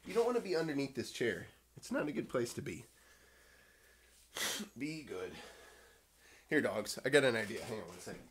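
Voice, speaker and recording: A man's voice: medium pitch, lively intonation, moderate pace, long pauses, a bit bright, a little hiss or hum. Man hosting a home livestream; casual, rambling with fillers, cooing to his dogs. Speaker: livestream host. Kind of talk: casual morning livestream chat.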